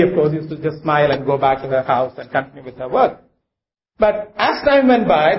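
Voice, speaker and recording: A man preaching a sermon to a congregation, halting, with many fillers and restarts. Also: a little high, echoey room, muffled recording, slight background noise.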